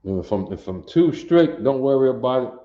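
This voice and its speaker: A man's voice: medium pitch, expressive, fairly quick, warm tone. A man teaching a language class, repeating words and drilling pronunciation insistently. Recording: echoey, dull lo-fi room.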